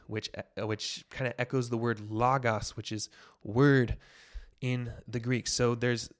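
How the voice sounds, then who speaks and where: Earnest young man teaching a devotional. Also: mid-range voice. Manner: earnest, emphatic, builds to bursts of excitement. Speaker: podcast host sharing a devotional.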